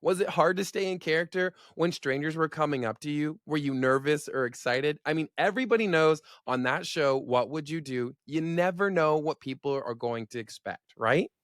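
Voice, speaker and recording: A man's voice: a little high, moderate pace, hardly any pauses, a bit bright, no echo, studio quality. A man hosting an interview, asking earnest, enthusiastic questions. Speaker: host.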